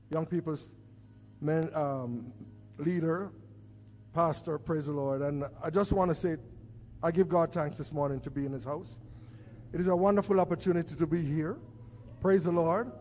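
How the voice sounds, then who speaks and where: A man giving church announcements, slow and repetitive, dropping in praise phrases and repeating key dates for emphasis. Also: fairly high pitch, darkish tone. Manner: frequent praise interjections. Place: church sanctuary. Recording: reverberant church hall.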